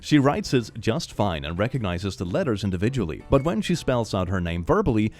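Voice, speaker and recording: A man hosting a comedic reaction commentary, reading posts aloud and reacting in an animated, profane way with laughter and shrill outbursts. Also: brisk. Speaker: host.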